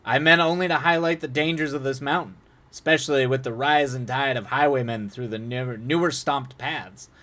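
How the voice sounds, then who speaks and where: A man voicing a suave lanky male traveler who talks in a polished, placating way, raised above his own voice and louder. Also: medium pitch, brisk, few pauses, lightly acted.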